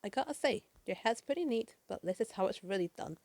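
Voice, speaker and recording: A woman's voice: medium pitch, animated, a little fast, a little mellow, no room sound, lightly acted. A woman reading the lines of a cocky young male hero from a comic, breezy and wisecracking.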